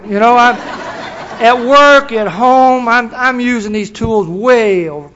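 An older man telling his personal story to an audience at a recovery meeting, self-deprecating and folksy, with halting restarts. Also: very high voice, sharp tone, lo-fi sound, a little hiss or hum. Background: audience laughter.

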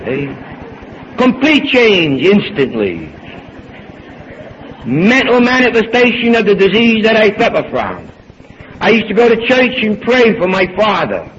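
A man's voice: high-pitched, a little slow, long pauses. Older man telling his story, lo-fi. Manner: animated storyteller, acts out dialogue, swings between loud and hushed. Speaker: speaker at a recovery meeting. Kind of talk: personal storytelling talk. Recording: dull lo-fi recording with faint hiss.

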